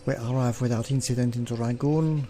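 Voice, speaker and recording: A man hosting a let's play, reading a text adventure aloud and clearing his throat often, with offhand asides. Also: mid-range voice, steady tone, a little fast, mellow, slight background noise.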